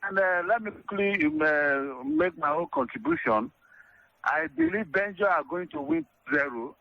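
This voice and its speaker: A Nigerian man calling in to a radio show, halting and repeating himself as he pleads to speak. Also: high voice, big pitch swings, gravelly, no echo. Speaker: radio caller. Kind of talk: phone call-in. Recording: dull phone line.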